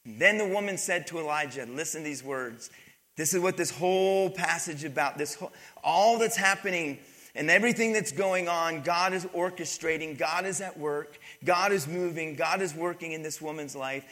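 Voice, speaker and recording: A man's voice: fairly high pitch, moderate pace, pushed and bright. A male pastor delivering a sermon, reading scripture and explaining it emphatically, with call-outs to the congregation. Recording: long hall reverb.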